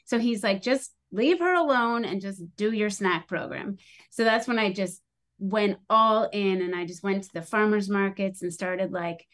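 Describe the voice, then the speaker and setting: A middle-aged American woman talks through a long story in a casual interview. She is chatty and lively and acts out the voices of the people in her story with a lifted pitch. Her voice sits in an ordinary middle range for a woman. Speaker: podcast guest, school lunch program founder.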